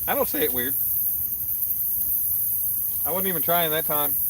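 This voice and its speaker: Joking man with a slightly higher voice, outdoors. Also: unhurried, distant mic, a little hiss or hum, low-quality recording. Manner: relaxed, joking, reads out chat comments. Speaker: fishing livestream host. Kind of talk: casual chat reading out viewer comments. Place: outdoors by water at night.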